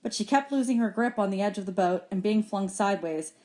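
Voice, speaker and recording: A teacher reads a chapter of a children's novel aloud to her students, her voice warm and in an ordinary middle range. She moves a little fast and reads expressively, raising her pitch for the characters' dialogue.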